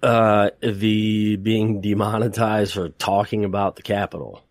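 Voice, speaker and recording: A man's voice: on the low side, fairly even intonation, unhurried, no echo, studio quality. A man co-hosting a casual podcast chat, swearing often and laughing between lines. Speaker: podcast co-host.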